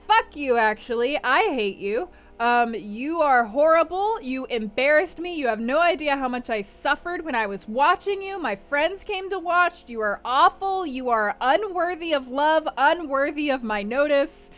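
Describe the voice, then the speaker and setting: A woman's voice: high-pitched, expressive, measured pace, hardly any pauses, a bit bright. A woman voicing a vain, cruel young nobleman in a storybook retelling, harsh and contemptuous. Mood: scornful.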